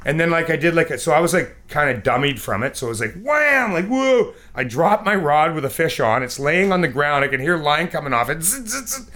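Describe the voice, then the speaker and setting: Male podcast co-host, bright and forceful, lively storyteller who acts out sounds. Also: a little high, quick pace, hardly any pauses. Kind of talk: casual storytelling chat.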